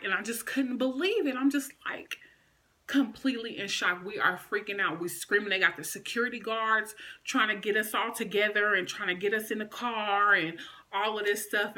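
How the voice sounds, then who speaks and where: Woman vlogger, bright and forceful, emotional conversational storytelling with lots of fillers. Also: medium pitch. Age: adult. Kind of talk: personal storytelling.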